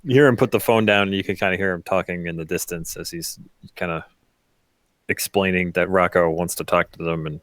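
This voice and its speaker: Low-voiced man running a tabletop game. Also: brisk, no echo. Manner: relaxed, hesitant, filler-heavy. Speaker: game master.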